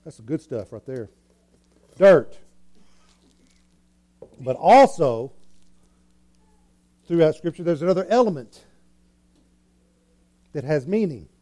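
A male preacher delivers a sermon in a high-pitched, warm, mellow voice. He tells the story dramatically, acting out the characters and shifting between hushed asides and loud, excited bursts. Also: slow pace, pauses often. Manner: animated storytelling, acting out scenes with swings in loudness.

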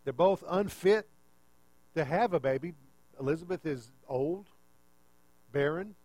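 A man preaching a conversational, animated sermon, full of rhetorical questions. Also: a little high, measured pace, no echo, low-quality recording.

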